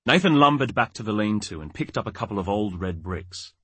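A man narrating an audiobook in a measured, wry storytelling manner. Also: fairly low pitch, lively intonation, sharp tone, breathy edge, dry recording. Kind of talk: scripted narration.

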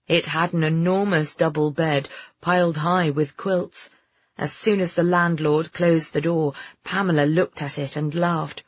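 An audiobook narrator reading a story in an even, measured way, close to the mic. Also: mid-range voice, breathy edge, no room sound. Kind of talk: scripted narration. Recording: slightly dull lo-fi recording.

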